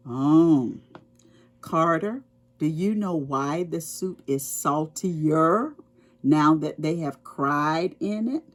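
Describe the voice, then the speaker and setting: A woman reading a picture book aloud to preschoolers, explaining words and asking the children questions as she goes. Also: on the low side. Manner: expressive, slow and explaining to children. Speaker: children's storytime reader.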